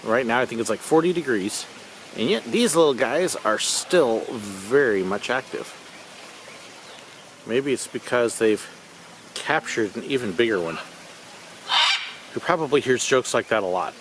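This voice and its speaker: Middle-aged male vlog host, animated delivery, dry jokes, outdoor zoo with faint background noise. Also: medium pitch, a little slow, pauses often, poor audio. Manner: wry, joking tour-guide commentary. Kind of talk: casual narration at the zoo.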